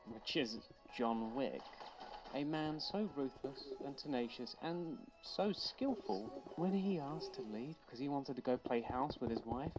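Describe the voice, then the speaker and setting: A casual video essay narrator full of sarcasm and the odd swear word. The pitch moves around a lot in an animated way. Music runs under the narration. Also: poor audio. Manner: sarcastic, swears, puts on voices.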